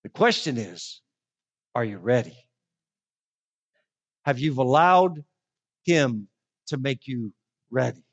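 A woman preaching a sermon, telling stories with animation and slowing down to stress key words. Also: rumbling low, muffled recording. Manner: animated storytelling, slows down for emphasis.

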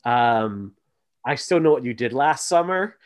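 A man's voice: mid-range voice, expressive, a little slow. A man hosting a podcast, chatting casually with many fillers and asides. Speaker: podcast host. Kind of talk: casual chat.

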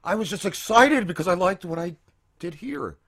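A man's voice: high voice, normal speed, gravelly. A man hosting a podcast, ranting loosely and profanely in casual chat. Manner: loose, profane, animated ranting with funny voices. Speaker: podcast host.

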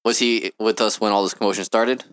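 A man at a game table lays out plans in an organized, casual way. His voice is very deep and smooth, and he talks quickly in a dry, close sound. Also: fairly even intonation, a bit bright, dry recording. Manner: planning, organized. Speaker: player.

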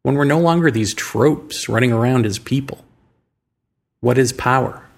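A man hosting a show, talking through ideas in a musing monologue full of rhetorical questions and slow, deliberate phrasing. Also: mid-range voice, creaky. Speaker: podcast host. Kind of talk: reflective monologue.

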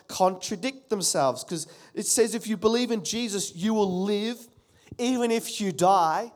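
A man preaches a sermon from the pulpit, with a voice that sits noticeably high for a man. He speaks earnestly and draws his listeners in with rhetorical questions and calls for a response. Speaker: pastor.

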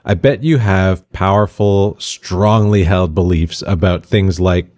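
A man's voice: low-pitched, takes it slowly, a little mellow. A middle-aged man hosting a podcast, talking through a casual scripted monologue with wry, sarcastic asides. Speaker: podcast host.

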